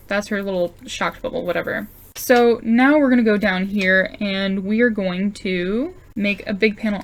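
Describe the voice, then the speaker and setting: A woman giving a casual comic-drawing tutorial, chatting through her sketches with plenty of fillers. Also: medium pitch. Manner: chatty, explains while sketching, many fillers.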